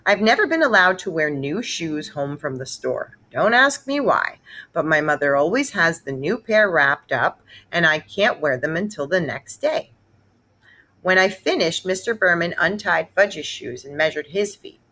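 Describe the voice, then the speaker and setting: A woman reading a children's novel aloud, expressive and storytelling. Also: fairly low pitch, normal speed. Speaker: read-aloud narrator.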